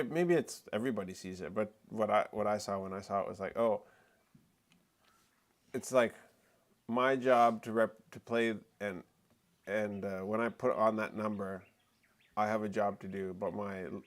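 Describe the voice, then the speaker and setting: A man's voice: fairly low pitch, a little slow. A man co-hosting a live stream, talking casually and rambling with many fillers and restarts. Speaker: co-host of a live talk stream. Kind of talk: casual chat.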